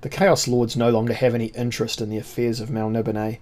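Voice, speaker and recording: A man reads the part of a weary albino sorcerer prince in an audiobook, calm and detached. The voice stays close to the reader's own, mid-pitched and measured. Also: natural voice. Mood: cool, measured. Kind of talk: audiobook character voice.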